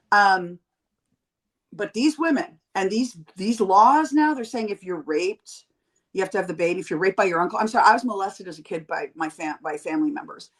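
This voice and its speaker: A middle-aged woman from Canada, a guest on a podcast, tells stories in a blunt and animated way and swears freely. Her pitch sits in an ordinary middle range for a woman. The tone is casual and outspoken throughout. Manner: blunt and profane, animated storytelling. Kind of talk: casual chat.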